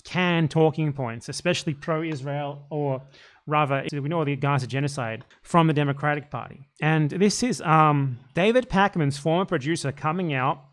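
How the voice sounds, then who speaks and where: Excitable profane man ranting live. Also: fairly high pitch. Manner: blunt, profane, excitable rant. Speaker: streamer reacting to a video. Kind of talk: casual live commentary.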